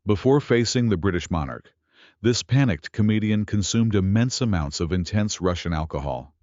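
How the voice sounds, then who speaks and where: A man reading scripted narration with even, announcer-like phrasing. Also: on the low side, normal speed. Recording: muffled lo-fi audio.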